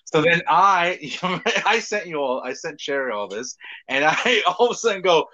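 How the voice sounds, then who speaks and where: A man's voice: on the high side, moderate pace, muffled recording. A man co-hosting a casual podcast, telling crude stories with lots of laughter and swearing. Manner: animated storytelling, laughs often, swears freely. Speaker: podcast co-host.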